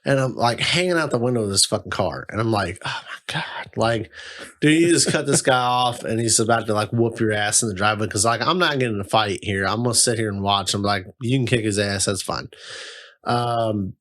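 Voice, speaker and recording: A man's voice: on the low side, a little fast. Man telling a rowdy story. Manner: animated, profane, heavy use of "like". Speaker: podcast host. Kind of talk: casual storytelling chat.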